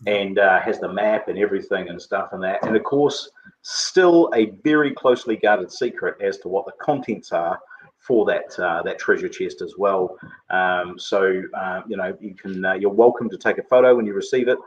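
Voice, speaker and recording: Male webinar host, low voice, loose rambling delivery, muffled lo-fi stream audio. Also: moderate pace. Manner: rambling, many filler words. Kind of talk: casual webinar chat.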